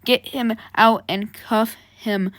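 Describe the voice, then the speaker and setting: A woman's voice: a little high, steady tone, slow pace, fairly bright tone, no room sound. A woman reading the lines of a male police officer from a comic, barking orders in a commanding tone.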